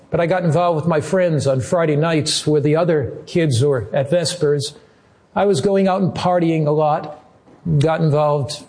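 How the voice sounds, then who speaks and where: Guilt-ridden young woman on the phone, quiet and halting, quoted by a male preacher in his own low voice. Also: natural voice.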